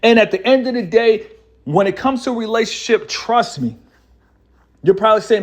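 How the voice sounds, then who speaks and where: A man's voice: high-pitched, animated, normal speed. A man giving a preachy, repetitive relationship-advice monologue as the show's host. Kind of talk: motivational monologue to camera.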